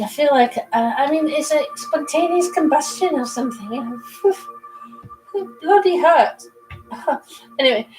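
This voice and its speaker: Woman reading tarot live for viewers, chatty and rambling, mid-pitched, with clear music playing behind. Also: rough recording. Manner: chatty, rambling, laughs easily. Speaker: psychic reader on a livestream. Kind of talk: casual livestream tarot reading.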